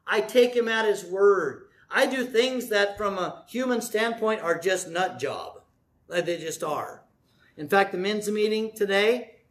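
A man's voice: high voice, fairly bright tone. A man in his sixties, a pastor preaching a sermon in a folksy, joking, conversational way. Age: 60s.

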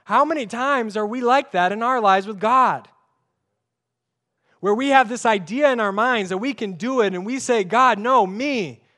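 A young male pastor with a high, slightly bright voice preaches in a conversational but emphatic manner at normal speed. He keeps things informal and relies heavily on rhetorical questions.

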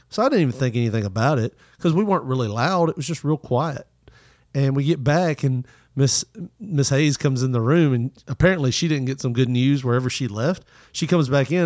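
A man telling childhood stories in casual chat, animated and profane, putting on voices for the people in them. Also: mid-range voice, no room sound, clean studio sound.

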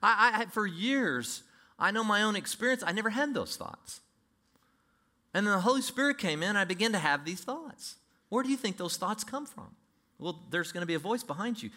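A man preaching a sermon, animated, acting out imagined voices and quoting scripture. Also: high-pitched, normal speed. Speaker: pastor.

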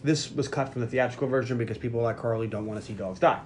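A man hosting a podcast, casually recapping a film scene by scene and acting out the dialogue in quick voices, laughing often. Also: mid-range voice, a little hiss or hum.

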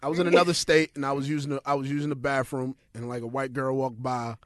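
A man's voice: mid-range voice, little pitch movement, fast talker, fairly bright tone, no echo. A young man hosting a casual, crude comedic chat, a boisterous storyteller who slips into voices for quotes.

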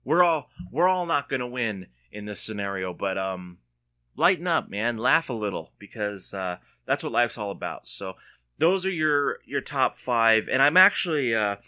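A man hosts his podcast from home in a loose, chatty way. He rambles and jokes, restarts sentences, and his voice swings widely in pitch. The tone is bright and forceful. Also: big pitch swings, moderate pace. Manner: rambling and joking, with frequent restarts. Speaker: podcast host. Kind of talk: casual solo podcast chat.

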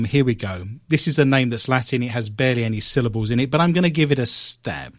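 A British man hosting a podcast, chatting through odd news stories with jokes, puns and quick asides. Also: medium pitch, animated. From Britain. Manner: jokey, punning, quick asides. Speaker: podcast host. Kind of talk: comedic news chat.

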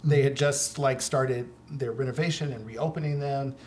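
A man's voice: medium pitch, normal speed, slight background noise. A man co-hosting a podcast, telling stories in casual chat with frequent laughter. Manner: animated storyteller, laughs often. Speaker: podcast co-host.

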